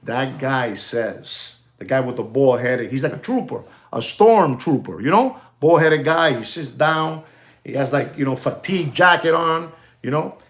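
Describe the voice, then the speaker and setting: A man hosting a casual livestream, talking in an animated, repetitive, conspiratorial way straight to his viewers, slipping into Spanish now and then. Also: medium pitch, a little slow. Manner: conspiratorial, addresses viewers directly. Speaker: live stream host.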